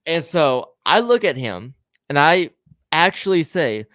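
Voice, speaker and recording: A man tells a story on a podcast, stumbling over his words and swearing as he acts out what everyone said. His voice sits at an ordinary middle pitch. The sound is dry and close, with no room around it. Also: animated, normal speed, a bit bright, smooth, dry recording. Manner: rambling, stammering restarts, swearing, acts out quoted lines. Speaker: podcast co-host telling a story. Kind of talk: casual storytelling chat.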